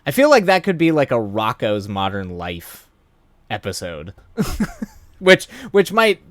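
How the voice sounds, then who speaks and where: Low-voiced man chatting on a stream. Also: wildly swooping pitch, a little slow, no room sound. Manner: rambling, laughs often, many fillers. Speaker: livestream host. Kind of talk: casual chat reading viewer comments.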